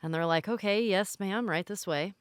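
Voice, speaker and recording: A woman in her thirties tells a story on a podcast in a loose, candid way, full of restarts and self-deprecating jokes. Her voice is smooth and clean, sitting at an ordinary middle pitch, and it is recorded close with no room sound at all. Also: normal speed, no room sound. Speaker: podcast co-host. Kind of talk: casual storytelling chat.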